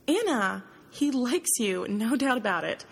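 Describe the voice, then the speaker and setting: A woman reading an audiobook, voicing a bossy, forceful young woman journalist with an emphatic, pushy delivery. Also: fairly low pitch, expressive, moderate pace, slightly rough. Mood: excited.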